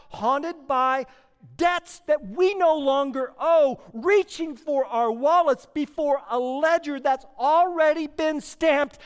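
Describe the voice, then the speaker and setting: A man preaching a sermon to his church, dropping to a hushed storyteller's voice and then rising to loud, urgent preaching. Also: very high-pitched, smooth, big-room sound. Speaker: pastor.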